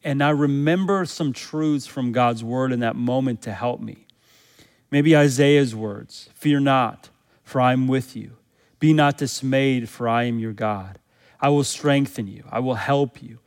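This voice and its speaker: A man preaching a sermon as a pastor, in an earnest manner that climbs higher and louder when he quotes scripture. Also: unhurried, long reverb tail.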